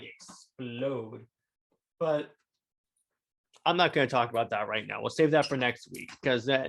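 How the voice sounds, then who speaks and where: Young adult man, podcast host, excited, rambling, stammered restarts, mid-pitched voice. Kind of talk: solo podcast review.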